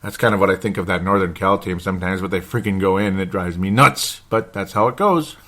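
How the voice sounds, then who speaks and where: A man's voice: sits low, fast, sharp tone. A man hosting a sports podcast, rambling and blunt, with mild swearing and frequent chuckles. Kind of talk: casual sports commentary podcast.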